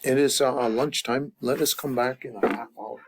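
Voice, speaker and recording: A man's voice: mid-range voice, steady tone, normal speed, a little hiss or hum. A man teaching a grammar lesson at a chart, thinking aloud with many fillers and restarts. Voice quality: gravelly. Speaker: language teacher.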